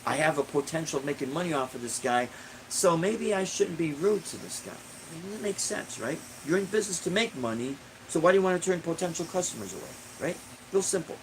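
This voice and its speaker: A man's voice: on the high side, animated, a little fast, slight background noise, low-quality recording. A middle-aged man from Illinois, a street musician, ranting casually in a blunt, indignant way and repeating points for emphasis. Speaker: busking musician, vlogger.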